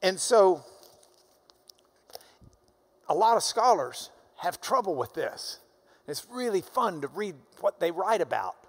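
A Bible teacher speaks in a classroom lesson, with pitch that rises and falls a lot. The talk is unhurried and deliberate, full of casual asides and explanations. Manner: lively, conversational, explaining with asides.

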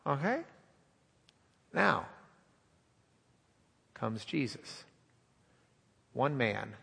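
A man preaching a sermon in a folksy, animated, joking way in a church sanctuary. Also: mid-range voice, very slow, creaky, breathy edge, long reverb tail.

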